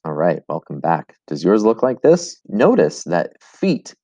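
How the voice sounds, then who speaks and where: A man's voice: low-pitched, wildly swooping pitch, unhurried, dark tone, no room sound, lo-fi sound. A man teaching Latin in a recorded video lesson. He explains step by step, with fillers and restarts. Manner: chants rhythms as "bum, bum".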